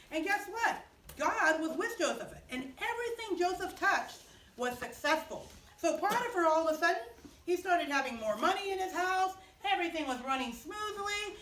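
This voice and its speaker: A woman chapel teacher telling a Bible story to children, animated and asking them questions along the way. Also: high voice, slight background noise. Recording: echoey room from far off.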